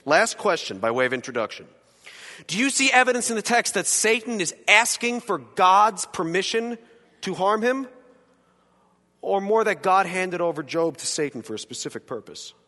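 High, lively male Bible teacher. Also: moderate pace, pauses often, big-room sound. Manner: animated, joking asides, rhetorical questions.

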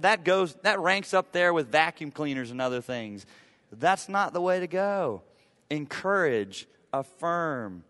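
A male pastor delivering a conversational, emphatic sermon with humor and repetition. His voice sits a little high for a man. Long church-hall reverb trails each phrase. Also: fairly bright tone. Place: church sanctuary.

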